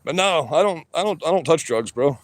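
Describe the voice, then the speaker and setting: A man livestreaming from his work shed on a phone, talking loud, rambling and profane, wired on energy drinks, so that he always sounds like he is yelling. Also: on the high side, lively intonation, fairly quick. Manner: loud, rambling and profane, with many "you know"s. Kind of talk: livestream rant.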